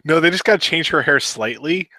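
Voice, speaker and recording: A man's voice: fairly high pitch, animated, a little fast, sharp tone, no room sound. A man co-hosting a podcast, joking casually about wrestling. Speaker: podcast co-host. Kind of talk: casual chat.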